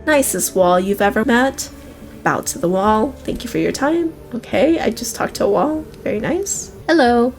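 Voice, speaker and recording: A woman's voice: on the high side, expressive, normal speed, faint music behind. Young woman reading game text aloud. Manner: reads the game text aloud with amused reactions. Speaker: game streamer. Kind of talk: reading and reacting while playing.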